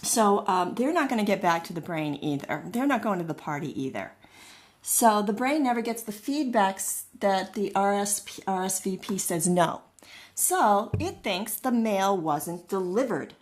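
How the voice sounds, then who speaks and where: A woman's voice: mid-range voice, animated, a little slow. A middle-aged woman gives a friendly, explanatory lecture as a wellness educator. She talks casually and fills the lesson with everyday analogies, sometimes acting out little voices to make a point. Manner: chatty, acts out little voices in her analogies.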